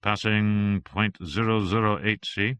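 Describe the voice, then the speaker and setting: A blunt, gruff yacht captain who says things plainly, read by a male audiobook narrator. The voice is low, and the sound is close and dry. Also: fairly even intonation, measured pace, a bit bright, no room sound.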